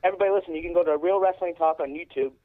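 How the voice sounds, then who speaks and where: A man phones in to a wrestling show, blunt and eager, talking fast. His voice sits a bit high and comes through a tinny phone line. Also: fairly even intonation. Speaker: caller. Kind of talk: casual chat.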